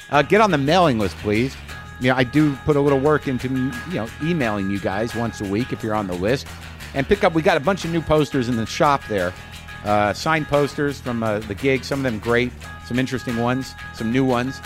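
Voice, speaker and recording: A man's voice: mid-range voice, expressive, fairly quick, music in the background. A man, a podcast host, signing off from a hotel room with chatty, rambling plugs and a self-deprecating tone. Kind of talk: show outro.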